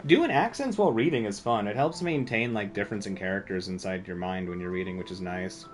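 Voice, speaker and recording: A man with a lowish voice talks casually over his game, rambling and poking fun at himself as he answers chat. He fills his sentences with little fillers and restarts, and faint game music hums behind him. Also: lively intonation, brisk. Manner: rambling and self-deprecating, heavy with filler words. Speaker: streamer. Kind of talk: casual gameplay commentary.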